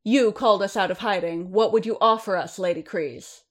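A woman reading the part of a proud clan chieftain who shouts demands at the leader. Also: mid-range voice, normal speed, voice pushed up, natural voice. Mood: demanding. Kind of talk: audiobook reading.

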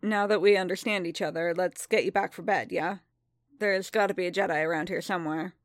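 A woman voicing a reserved male bounty hunter in a storybook reading, speaking softly and steadily. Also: on the low side, steady tone, brisk, no room sound, studio quality, close to an everyday voice. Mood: firm.

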